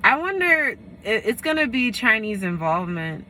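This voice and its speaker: A woman's voice: on the high side, big pitch swings, normal speed, pushed and bright, a little hiss or hum. A woman giving a casual tarot reading, rambling and correcting herself as she talks. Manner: rambling, full of fillers and self-corrections. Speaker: tarot reader.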